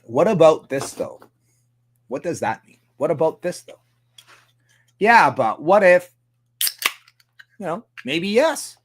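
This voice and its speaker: A man with a Canadian accent rants casually on his livestream, swearing heavily and laughing frequently. His slightly high voice is very animated but slow, with many pauses, and a little hiss or hum sits in the recording.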